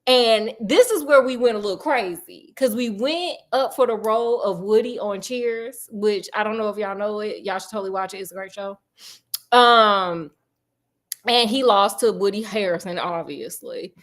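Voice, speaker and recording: A woman's voice: medium pitch, moderate pace. A woman host telling a true story in a casual, sassy, chatty way, full of slang asides.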